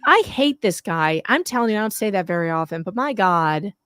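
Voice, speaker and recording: A woman commentator on a casual livestream, blunt and animated, laughing often. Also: medium pitch, brisk, smooth, no room sound, clean studio sound. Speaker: YouTube commentator.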